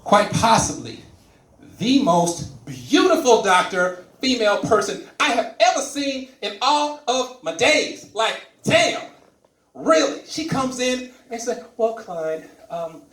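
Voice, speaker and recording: A man's voice: extremely high pitch, slow pace. A man doing a stand-up comedy set, telling a story and acting out the characters in it. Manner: animated storytelling, acts out characters. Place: comedy club stage. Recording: roomy live venue mic from a distance.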